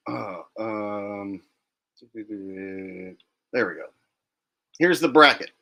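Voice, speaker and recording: Blunt, bright-voiced male streamer. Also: lowish voice, animated, very slow, lo-fi sound. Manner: blunt, defiant and profane. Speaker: livestream host. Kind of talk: casual livestream rant.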